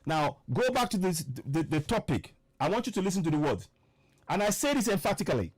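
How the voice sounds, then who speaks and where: Emphatic man broadcasting, lively pitch. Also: slightly rough, no room sound. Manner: preaching, repetitive and emphatic, slows for stress; greets viewers by name mid-speech. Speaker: online radio broadcaster. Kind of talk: impassioned political livestream address.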